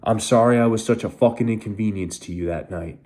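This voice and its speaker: A man's voice: lowish voice, fairly quick, warm tone. A young man, a veteran, telling his own story on camera in an angry, bitter, heavily profane way. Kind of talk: emotional first-person storytelling.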